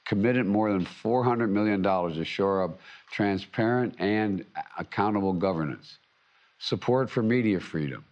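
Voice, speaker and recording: Older man, low voice, formal speech with stumbles and repeated stress words, slightly muffled audio. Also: darkish tone. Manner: halting restarts, emphatic repetition. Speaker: head of state giving a speech.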